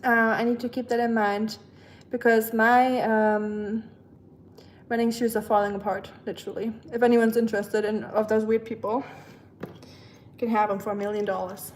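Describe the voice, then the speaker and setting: A woman's voice: on the high side, level tone, normal speed, a little hiss or hum, rough recording. A young woman from Germany with a German accent, chatting casually and rambling a bit as she talks with viewers on her livestream. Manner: chatty, rambling, self-teasing. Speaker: livestream host. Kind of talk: casual chat with live viewers.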